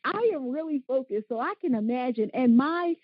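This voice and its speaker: A woman co-hosting a casual podcast chat, telling animated stories, laughing often and acting out what people said. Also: high-pitched, normal speed, dry recording, muffled recording. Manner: animated storyteller, laughs often, acts out quotes. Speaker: podcast co-host.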